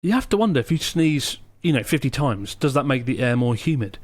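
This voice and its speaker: A man's voice: mid-range voice, fairly quick, no echo. Chatty man on a dry podcast mic. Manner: relaxed, chatty, wry. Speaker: podcast co-host reading listener questions. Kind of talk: casual podcast chat.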